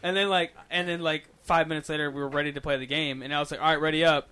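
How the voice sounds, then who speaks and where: A man's voice: fairly high pitch, fast, smooth. A man telling a story in casual chat with friends, swearing freely and acting out what others said. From Oregon, USA. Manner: animated, swears a lot, acts out quotes.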